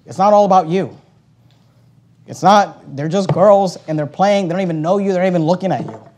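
A middle-aged male pastor delivers a sermon in a notably high voice. He tells his story with animated energy, rising loud and then dropping to a hush. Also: a little fast. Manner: animated storytelling, acting out quoted voices, swings between loud and hushed.

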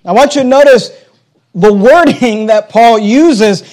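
A pastor with a strikingly high-pitched, slightly mellow voice preaches at an unhurried pace. He drives his points home by emphatically repeating the same phrases again and again, and the recording is low quality.

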